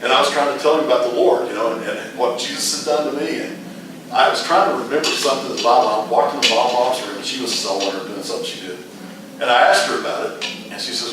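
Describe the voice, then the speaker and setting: Middle-aged guy rambling thru a bible lesson, boomy room, kinda far from the mic, hissy. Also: racing, very echoey. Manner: rambling, storytelling with frequent restarts. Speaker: Bible teacher. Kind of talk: casual Bible class teaching.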